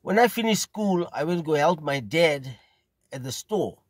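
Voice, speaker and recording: A middle-aged South African man tells a story in an easy, meandering way, often circling back over his own phrases. His voice sits a little high for a man. The recording is close and dry. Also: animated, husky, dry recording. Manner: rambling, unhurried, repeats phrases. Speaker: pipe smoking video host. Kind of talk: casual storytelling.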